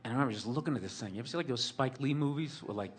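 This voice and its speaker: A man's voice: medium pitch, racing, slight background noise. A man telling a long personal story in a rambling, profane, sardonic way, full of fillers like "like" and "you know". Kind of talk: storytelling monologue.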